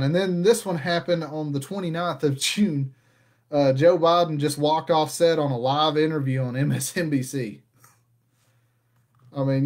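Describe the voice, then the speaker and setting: A man's voice: a little high, a little mellow. A man hosting a casual rant, talking in an exasperated, conversational way. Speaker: podcast host.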